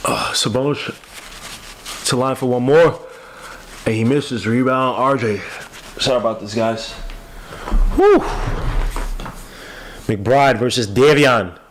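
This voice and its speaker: A man's voice: medium pitch, big pitch swings, a little slow, pauses often, slight background noise. A man with a stuffy nose, hosting a podcast and giving loose, rambling live play-by-play with asides. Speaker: podcast host. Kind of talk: casual live game commentary.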